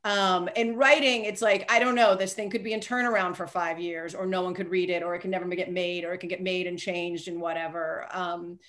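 A woman's voice: lowish voice, flat delivery, fairly quick, few pauses, fairly bright tone. A woman author talking casually as a podcast guest, chatty and self-deprecating, with frequent fillers and restarts.

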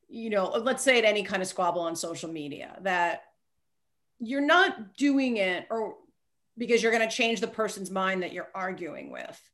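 A woman's voice: mid-range voice, fairly bright tone. A woman author talking casually as a podcast guest, chatty and self-deprecating, with frequent fillers and restarts.

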